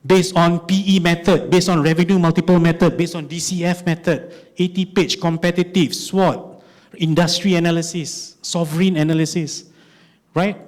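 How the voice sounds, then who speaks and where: A man in his forties with a Malaysian English accent, giving an animated conference talk, telling stories and asking rhetorical questions. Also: a little high, normal speed. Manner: animated storytelling, lots of rhetorical "right?". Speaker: conference speaker.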